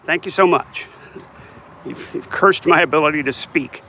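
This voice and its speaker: Walking outdoors on a city street with his phone in hand, an older vlogger chats casually and pokes fun at himself in a rambling way. He speaks at normal speed in a highish, bright, forceful voice, and there's a bit of hiss or hum.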